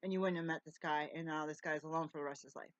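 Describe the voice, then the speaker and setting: A woman's voice: low voice, steady tone, racing, no room sound. A middle-aged woman talking to camera at home in a casual, rambling monologue, jumping between tangents and restarting her words. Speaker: vlogger. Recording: dry, slightly dull lo-fi sound.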